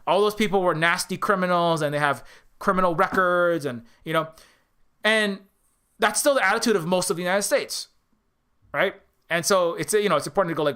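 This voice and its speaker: A man's voice: high voice, pushed and bright, clear, resonant tone. A man who makes indie games, talking casually and rambling, with many restarts, some swearing and quoted voices for other people. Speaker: indie game developer. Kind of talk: casual spoken commentary.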